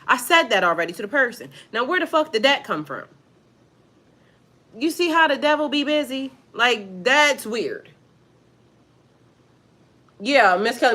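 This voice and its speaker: A woman's voice: sits high, expressive, moderate pace, long pauses, sharp tone. A woman giving a spiritual card reading, breaking off to react bluntly and profanely to viewer messages. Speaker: tarot reader. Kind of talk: reading plus live chat reactions.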